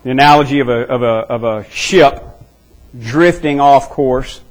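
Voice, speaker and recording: A man's voice: mid-range voice, unhurried, rough recording. A man preaching an expository sermon, earnest and emphatic, often repeating words as he works toward his point.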